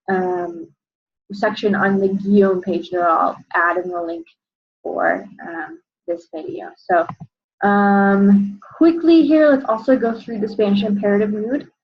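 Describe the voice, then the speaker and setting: A young adult woman, a Spanish teacher, walking students through an exam review and filling pauses with frequent "um"s. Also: mid-range voice, slightly rough, muffled recording. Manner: explanatory, many "um" fillers.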